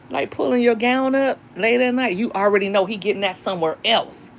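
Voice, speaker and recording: A woman's voice: fairly high pitch, fast, hardly any pauses, a little hiss or hum. A middle-aged woman and single mother talking candidly and emphatically about dating and raising daughters, in a casual monologue.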